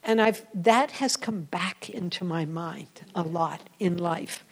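A woman's voice: on the low side, takes it slowly, rough recording. Earnest woman telling a faith story. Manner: earnest, intimate, drops to whispers for emphasis. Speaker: speaker giving a spiritual talk. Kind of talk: sermon-style personal storytelling.

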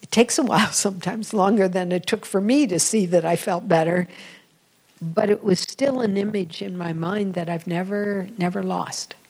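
Woman preacher type, earnest and intimate, uses hushed asides, average pitch. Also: moderate pace, husky, low-quality recording. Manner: earnest, intimate, drops to whispers for emphasis. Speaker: speaker giving a spiritual talk. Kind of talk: sermon-style personal storytelling.

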